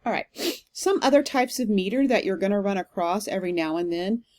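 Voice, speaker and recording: A woman, a literature instructor, giving a recorded online lecture in an explanatory, steady way with frequent ums. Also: mid-range voice, a little fast.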